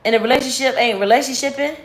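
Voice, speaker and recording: In an echoey room, a woman vlogger vents during a casual storytime chat to camera. She's candid, animated, and slangy, her high voice moving quickly and rising sharply as she vents.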